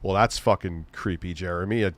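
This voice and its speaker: A man's voice: sits low, a little fast, dry recording. A man hosting a casual livestream, reading chat and ranting sarcastically with lots of swearing. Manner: profane, sarcastic ranting with frequent laughs. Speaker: streamer host.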